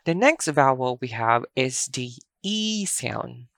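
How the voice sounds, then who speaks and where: Casting: unhurried, patient language tutor who spells and repeats, dry close sound. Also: medium pitch, sing-song, gravelly, fairly bright tone, no echo. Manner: patient, spells words out letter by letter and repeats each example. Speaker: language teacher. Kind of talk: pronunciation lesson.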